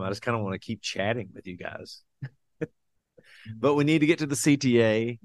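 A man's voice: fairly low pitch, dry recording. A man hosting a podcast, chatting casually with rambling, jokey asides. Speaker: podcast host and touring musician.

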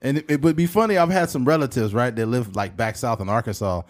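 A man's voice: mid-range voice, quick pace. A man from California co-hosting a podcast, chatting casually with slang and playful jokes. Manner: joking, slangy, trades playful put-on voices. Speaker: podcast co-host. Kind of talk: casual chat.

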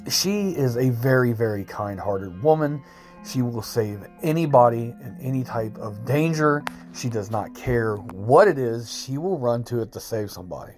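A man telling a true spooky story in casual, rambling speech, often clearing his throat and repeating himself. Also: mid-range voice.

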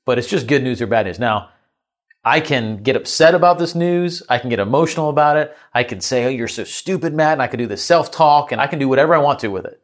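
A man's voice: mid-range voice, quick pace. A man co-hosting a casual business podcast, telling stories in an easygoing way and acting out quotes. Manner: easygoing storyteller, acts out quotes. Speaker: podcast co-host.

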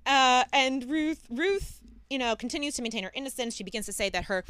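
Brief: young woman podcast host, smooth clear voice, casual true-crime narration, dry close mic. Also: high voice, expressive, brisk, fairly bright tone, no room sound. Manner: chatty storytelling with frequent fillers.

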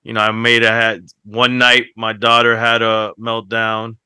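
A man on a podcast, co-hosting and telling stories in a casual, animated way that breaks into laughter. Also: fairly low pitch, unhurried, clear, resonant tone, no echo, clean studio sound. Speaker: podcast co-host. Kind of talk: casual chat, storytelling.

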